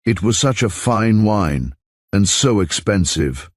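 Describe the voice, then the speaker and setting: A man's voice: lowish voice, lively intonation, takes it slowly, dry recording, studio quality. A man voicing a haughty foreign nobleman with a German accent and stiff, formal phrasing. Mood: mocking.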